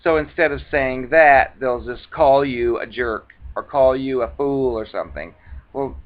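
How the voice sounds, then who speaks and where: A man's voice: medium pitch, a little slow. A man giving advice in a casual talking-head monologue, speaking conversationally and acting out the retorts he quotes. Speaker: advice vlogger. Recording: dull lo-fi recording.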